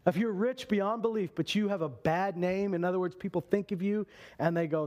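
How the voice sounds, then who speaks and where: Male pastor, high voice, animated sermon delivery. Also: normal speed. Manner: animated preaching, acts out quotes.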